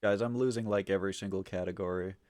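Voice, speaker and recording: A man's voice: low-pitched, steady tone, fast, a little mellow. Rambling, filler-heavy male streamer. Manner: rambling, filler-heavy, swears often and laughs easily. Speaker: livestreamer. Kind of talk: casual chat with stream chat.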